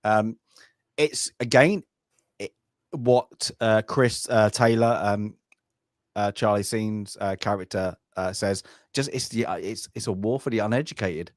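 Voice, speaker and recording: A man's voice: lowish voice, measured pace, dry recording, clean studio sound. A man from Britain co-hosting a podcast, chatting casually about a film, rambling with many fillers and restarts. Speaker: podcast co-host. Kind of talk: casual film review chat.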